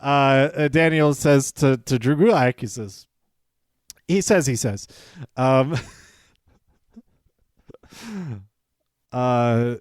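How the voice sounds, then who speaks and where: A man's voice: medium pitch, drawn-out words, pauses often, no room sound. Chatty man recapping a show, dry sound. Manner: chatty, self-interrupting, chuckles often; acts out quoted lines in livelier voices. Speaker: podcast host. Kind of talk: casual solo show recap.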